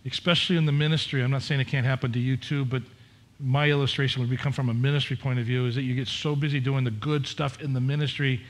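A man's voice: medium pitch, level tone, quick pace. A middle-aged man preaching a sermon as pastor, candid and conversational, with frequent restarts and repetitions.

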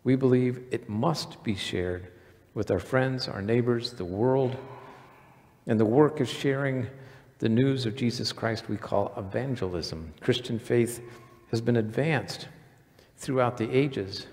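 Gravelly-voiced male pastor preaching. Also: mid-range voice, unhurried, a little mellow. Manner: conversational preaching, quizzes the congregation. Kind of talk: sermon. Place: church sanctuary. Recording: reverberant church hall.

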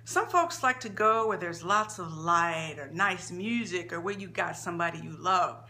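Woman playing a blunt folksy psychic mom, bright voice, plainspoken, no-nonsense. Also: fairly low pitch, expressive, normal speed. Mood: grave. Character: blunt streetwise middle-aged female psychic.

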